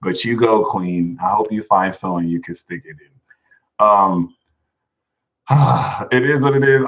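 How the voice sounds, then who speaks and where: A man's voice: fairly low pitch, a little slow, pauses often, fairly bright tone, rough recording. A man hosting a casual livestream, talking animatedly, laughing a lot and reading viewers' names from the chat. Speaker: livestream host.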